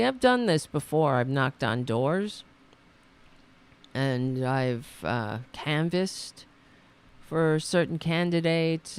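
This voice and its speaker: Her voice is deep, gravelly and smooth as she hosts a political commentary program. The host mocks and rambles sarcastically with frequent restarts, picked up by a computer microphone on a call.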